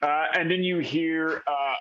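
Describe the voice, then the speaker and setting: A man's voice: a little high, fairly even intonation, a little slow, dull audio. A man narrating as game master of a tabletop game, hesitant, with many fillers and restarts.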